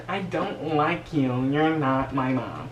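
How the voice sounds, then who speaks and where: A man's voice: a little high, lively intonation, slow, muffled recording, a little hiss or hum. A man imitating a sulky, defiant teenage girl in a whiny voice. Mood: bratty. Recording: roomy, distant mic, faint ambience.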